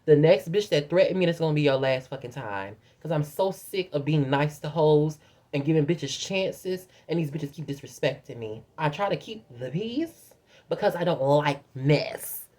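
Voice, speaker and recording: A woman's voice: low voice, normal speed. A young adult woman telling a vlog storytime, blunt and profane, acting out other people's lines as she talks. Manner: profane, blunt, animated storytelling with put-on quotes. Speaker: vlogger. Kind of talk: casual storytime rant.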